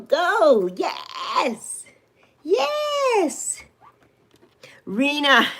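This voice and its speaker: This is a woman in her sixties hosting a casual livestream, her voice high and bright. She is unhurried and gushes with excitement, her pitch leaping around as she greets viewers one by one. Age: 60s. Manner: effusive, greets viewers by name with squeals of delight. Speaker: livestream host.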